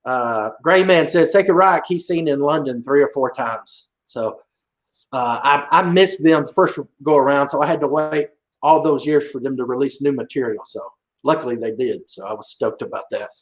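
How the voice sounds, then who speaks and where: A man hosting a casual livestream interview, easygoing and halting with fillers. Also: medium pitch. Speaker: podcast host.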